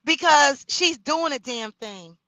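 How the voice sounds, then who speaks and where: A high-voiced woman runs a casual livestream chat, talking loud and loose with slangy shout-outs to her viewers. Her voice is bright and forward, and the sound is close and dry, with no room around it. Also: slow, no echo, poor audio. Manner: loud, expressive, slangy, talks straight to viewers. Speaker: livestream host.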